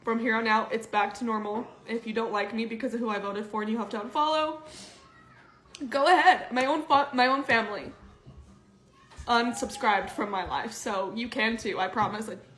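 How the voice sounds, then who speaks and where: Emotional woman on the verge of tears, higher voice, roomy echo. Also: fairly even intonation, a little fast, fairly bright tone. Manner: emotional, fighting back tears. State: near tears. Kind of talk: tearful video post.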